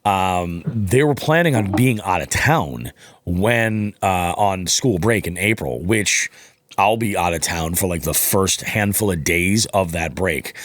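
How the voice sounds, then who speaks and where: Low-voiced rambling podcast host, dry sound. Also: male voice, lively intonation, unhurried, a bit bright, dry recording. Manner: rambling storyteller, swears freely. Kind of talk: casual chat.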